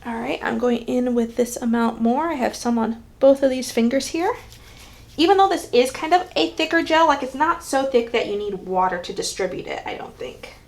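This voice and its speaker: Woman, hair vlogger, a bit high-pitched; loose, rambling talk while styling on camera. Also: moderate pace. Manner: chatty, thinks aloud with many "like" fillers. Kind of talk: casual tutorial chat.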